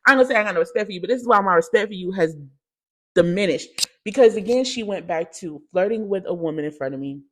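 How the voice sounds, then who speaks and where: A young woman hosting a podcast, telling a candid personal story in slangy, animated speech that jumps into loud acted-out quotes. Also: medium pitch, quick pace, slight background noise. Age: young adult. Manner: animated, slangy, swings into loud shouting impressions. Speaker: podcast host.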